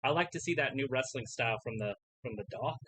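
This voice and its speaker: A woman's voice: rumbling low, lively intonation, a bit bright, slight background noise. A woman co-hosting a live stream, calling the wrestling moves as they happen and cracking crude jokes. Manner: quick reactive calls, crude jokes. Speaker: co-host calling the wrestling action. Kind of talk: casual play-by-play on a live stream.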